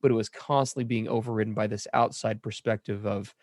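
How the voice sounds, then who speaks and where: A man's voice: fairly low pitch, fairly even intonation, a little fast, no echo, studio quality. A man co-hosting a podcast who works with men in recovery. He speaks in an earnest, reflective way and pokes fun at himself. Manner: earnest, reflective, self-deprecating. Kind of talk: casual conversation.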